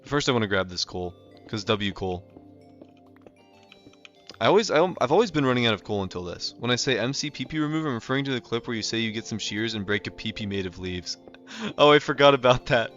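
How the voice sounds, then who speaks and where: This young North American streamer keeps up a casual, rambling chat during live gameplay, packed with fillers such as "um" and "like." His mid-range voice is animated, brisk, and fairly bright. The stream sound is a touch muffled, with faint background music.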